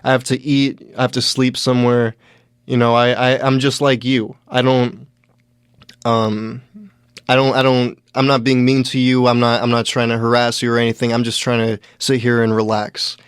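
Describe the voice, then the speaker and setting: A man's voice: mid-range voice, little pitch movement, normal speed, smooth, no echo, studio quality, close to an everyday voice. A man voicing a spaced-out homeless man who pleads and rambles with many restarts. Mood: pleading.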